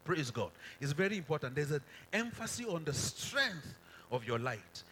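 Guy preaching on a hall stage, kinda high voice for a man, keeps asking the crowd "what?", faint hum behind. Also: fairly bright tone. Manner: call-and-response, often asks the crowd to finish verses; repeats and restarts phrases for emphasis. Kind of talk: sermon.

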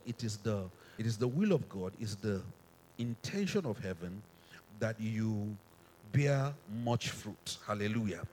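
A man's voice: fairly low pitch, a little mellow, slight background noise. Man preaching with call-and-response. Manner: call-and-response, often asks the crowd to finish verses; repeats and restarts phrases for emphasis. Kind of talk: sermon. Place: stage in a hall.

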